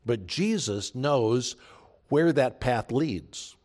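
A man's voice: medium pitch, lively intonation, extremely slow, a little mellow. Male pastor, mid-range voice, emphatic earnest sermon delivery. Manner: earnest, emphatic preaching with repeated phrases.

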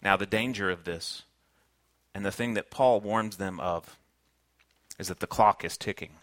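Bright-voiced Southern man preaching. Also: fairly low pitch, unhurried, dry recording. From Kentucky, United States. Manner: earnest, conversational preaching with personal stories. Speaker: pastor. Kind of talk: sermon.

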